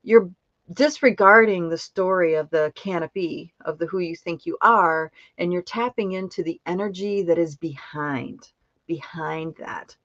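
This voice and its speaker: A woman's voice: lowish voice, unhurried, fairly bright tone, no echo, muffled recording. A woman hosting a live-stream chat. She reads viewer comments aloud and answers them affectionately, with many fillers and restarts. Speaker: host.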